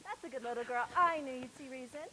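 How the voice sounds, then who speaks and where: A woman's voice: high voice, fast talker, lightly acted. A teenage girl playing a cruel, gloating witch on a school stage, taunting in a mock-sweet voice. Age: teens. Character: cruel scheming witch woman, gloating and menacing. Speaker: student actor. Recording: noisy stage recording.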